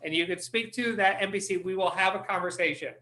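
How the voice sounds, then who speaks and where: A man hosting a casual podcast as dungeon master, animated and swearing freely as he explains things. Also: high-pitched. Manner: animated, swears freely, talks in quick restarts.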